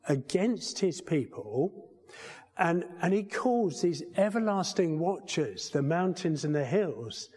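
Conversational preacher in a reverberant hall. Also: male voice, fairly high pitch, a little mellow. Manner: conversational, repeats phrases and restarts, asks rhetorical questions. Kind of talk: sermon.

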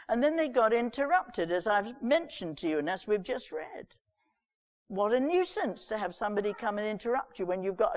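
A woman giving a sermon, reading scripture and retelling it with lively, chatty asides. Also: mid-range voice. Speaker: preacher. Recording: long reverb of a large hall.

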